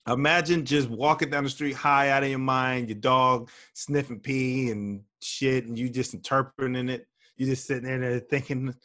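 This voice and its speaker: A man's voice: medium pitch, level tone, moderate pace, few pauses, sharp tone. A man from New York hosting a podcast call, joking around in loose, teasing chat. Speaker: podcast host. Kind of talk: casual chat.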